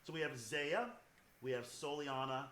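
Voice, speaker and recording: A man's voice: mid-range voice, fairly even intonation, normal speed, a bit bright, reverberant, slight background noise. A man hosting a conversation with young choir singers over a video call, with thoughtful, precise phrasing. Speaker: host, associate artistic director of a choir. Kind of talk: interviewing guests on a video call.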